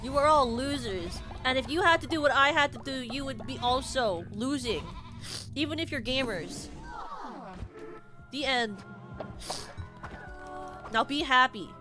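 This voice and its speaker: Excitable high-voiced streamer woman. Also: normal speed. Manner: excitable, loud yelps and panicked repetition. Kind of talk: live game stream commentary. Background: game music.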